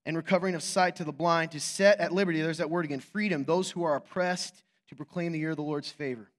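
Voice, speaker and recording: Pastor guy preaching, kinda high voice, jokey and punchy, lots of rhetorical questions. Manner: animated and joking, teasing the congregation; quick, emphatic, asks rhetorical questions. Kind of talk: sermon.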